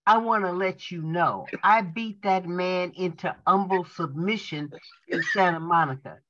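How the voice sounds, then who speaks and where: A woman reading a preacher's transcript aloud at a Bible study, slow and emphatic, stopping to correct herself. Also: on the low side, a bit bright. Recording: dull lo-fi sound.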